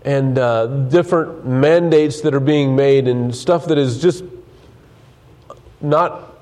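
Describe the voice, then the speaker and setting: An American pastor preaches a sermon earnestly, restarting often and reading scripture aloud as his voice gives out. His voice is mid-range, slow, and a bit mellow.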